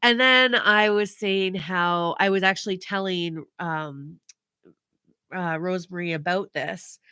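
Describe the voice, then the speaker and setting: Mom podcast co-host, bright voice, dry close sound, animated storyteller. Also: female voice, lowish voice, unhurried, clear, resonant tone, no room sound. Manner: animated storytelling, acts out family members' voices, laughs often. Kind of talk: casual chat.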